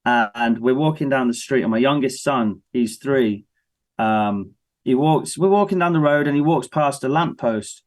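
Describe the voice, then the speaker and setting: A man in his thirties with an English accent, a guest musician on a casual interview, telling lively stories and acting out his family's voices. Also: medium pitch, moderate pace. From England.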